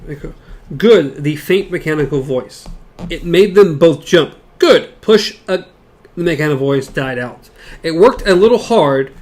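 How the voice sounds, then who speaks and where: A man co-hosting a casual book discussion podcast, reading passages aloud haltingly with stumbles and side comments. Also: a little high, animated, a little mellow. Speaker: podcast co-host.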